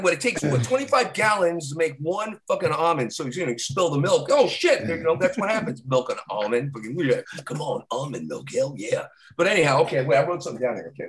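A man's voice: on the high side, a little hiss or hum. A man doing a stand-up comedy set in a club, rambling, swearing, and chuckling at his own jokes. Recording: loud crowd in a comedy club.

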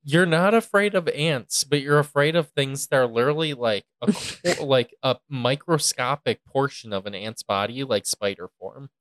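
Young male co-host, medium pitch, dry sound, teasing casual banter. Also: moderate pace, hardly any pauses, fairly bright tone, no echo, poor audio. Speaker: podcast co-host. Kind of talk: casual chat.

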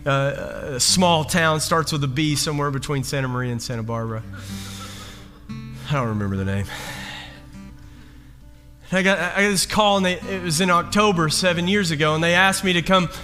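A man preaching as a pastor, telling a personal story in an animated, self-deprecating way. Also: a little high, moderate pace, pauses often. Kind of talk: storytelling sermon. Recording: long hall reverb with faint guitar.

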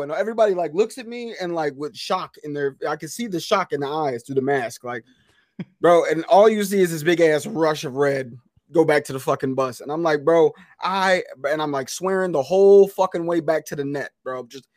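A man co-hosting a podcast, telling stories in a loud, profane, animated way, full of slang and swearing. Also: on the high side, normal speed, no room sound, studio quality. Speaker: podcast co-host. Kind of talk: casual chat.

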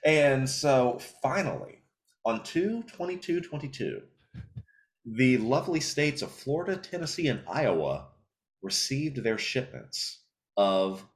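Animated, slightly tipsy podcast host. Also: male voice, medium pitch, measured pace. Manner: animated, profane storytelling. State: a little tipsy and slurring. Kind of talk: casual podcast chat.

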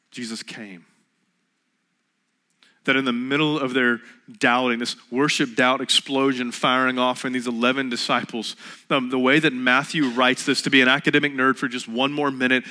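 A young adult man preaching to a congregation, conversational and animated, with many restarts, dropping to a hushed, intimate tone at times. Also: mid-range voice. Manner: drops to a hushed, intimate tone when appealing to listeners. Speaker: pastor. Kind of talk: sermon. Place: in front of a congregation.

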